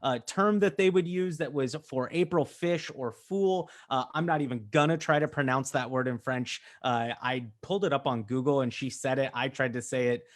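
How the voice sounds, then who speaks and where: A man's voice: mid-range voice, normal speed, hardly any pauses. A man in his thirties from the United States, hosting a casual training webinar in a chatty, upbeat way with fillers and asides. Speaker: host.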